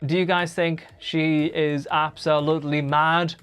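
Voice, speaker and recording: Low-voiced woman chatting on a livestream. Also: level tone, unhurried, clear, resonant tone, soft background music. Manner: chatty, reads viewer comments aloud and answers them. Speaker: live-streaming guitarist. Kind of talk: casual live-stream chat.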